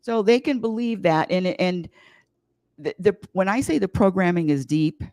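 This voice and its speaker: A woman's voice: mid-range voice, expressive, normal speed, dry recording, clean studio sound. A woman who teaches happiness classes, talking casually as an interview guest, emphatic and repeating her points. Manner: emphatic, repeats phrases, sudden loud bursts.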